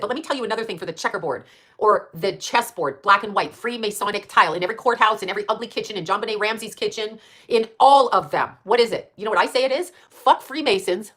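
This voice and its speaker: A woman's voice: mid-range voice, pushed and bright, husky. A woman hosting a stream, ranting in a rambling, profane monologue full of rhetorical questions.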